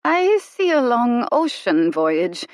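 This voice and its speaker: A woman voicing a shrewd middle-aged female fortune teller, speaking slowly and knowingly in a rustic dialect. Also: a little high, sing-song, no echo, studio quality, voice pushed up. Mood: mysterious. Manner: slow, knowing, dialect-tinged speech.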